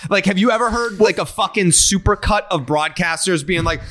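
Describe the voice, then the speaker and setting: A man's voice: high-pitched, fairly quick, a bit bright. A man hosting a sports podcast, ranting in a profane, emphatic way during casual chat. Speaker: podcast host.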